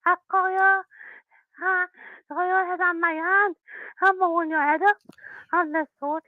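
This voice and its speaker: A woman's voice: extremely high pitch, fairly even intonation, unhurried, no room sound, narrow, tinny audio. A woman calling in to a radio phone-in, rambling and repeating herself. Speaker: caller. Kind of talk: phone-in call.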